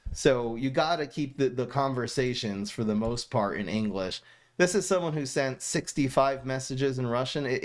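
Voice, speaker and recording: Young guy, streamer, mid-pitched voice, loose chatty delivery with lots of laughs. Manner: chatty and animated, laughs often, stumbles and restarts. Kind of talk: casual commentary reviewing viewer messages.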